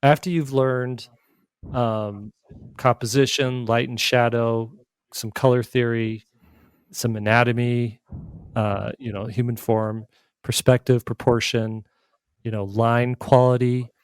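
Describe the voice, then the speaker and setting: A man, an art instructor, talking casually in a podcast discussion, relaxed and conversational. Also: mid-range voice, slow pace, smooth, no room sound, studio quality.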